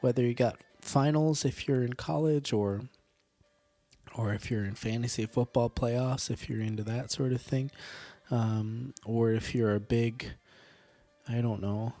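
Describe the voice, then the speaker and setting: A young man hosting a podcast, hoarse from a sore throat, rambling along with halting fillers and self-deprecating asides. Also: medium pitch, dark tone. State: hoarse from tonsillitis. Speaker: podcast host. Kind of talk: casual podcast sign-off.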